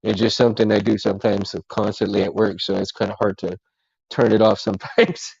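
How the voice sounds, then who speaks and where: Laid-back male stream host, gravelly voice, dry close sound, rambling casual chat. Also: fairly low pitch, level tone, brisk, a little mellow, no echo, dull audio. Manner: rambling, friendly, calls everyone dude and man.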